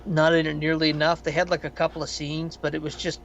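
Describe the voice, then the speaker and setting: A man's voice: on the high side, fast, creaky, dull audio, a little hiss or hum. A man co-hosting a podcast, chatting casually and profanely about a film in a rambling way. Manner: rambling, profane, animated storytelling. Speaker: podcast co-host. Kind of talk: casual film review chat.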